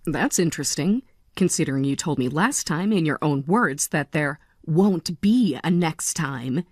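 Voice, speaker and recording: A woman in her forties playing a tired but resolute mother in a text-story drama, speaking in a calm, measured way. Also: low voice, no room sound, clean studio sound. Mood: calm resolve. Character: weary, resolute mother leaving her family.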